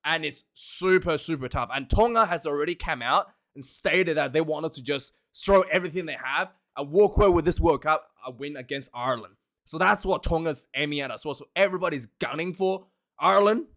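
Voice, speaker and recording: A man hosting a casual rugby predictions vlog, talking in an animated, jokey, ranting way with loud outbursts. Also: on the high side, brisk. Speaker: rugby vlogger.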